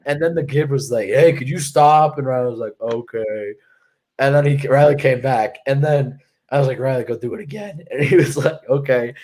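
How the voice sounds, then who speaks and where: A young man co-hosting a podcast tells rambling stories to a live chat, swearing and packing his speech with fillers, especially "like." His voice is mid-range and a little mellow, at normal speed.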